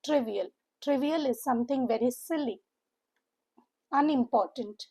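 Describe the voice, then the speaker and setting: A woman teacher with an Indian English accent takes her vocabulary lesson at an unhurried, measured pace. Her voice sits a little high, and she repeats each key word for emphasis while cheering her learners on. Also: mellow, rough recording. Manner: encouraging, repeats words for emphasis. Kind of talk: slow, deliberate vocabulary lesson.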